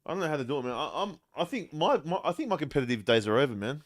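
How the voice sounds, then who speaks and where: A young man co-hosting a podcast in casual chat, laid-back and quick to laugh. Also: a little high, sing-song, dry recording, studio quality. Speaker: podcast co-host. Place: small studio.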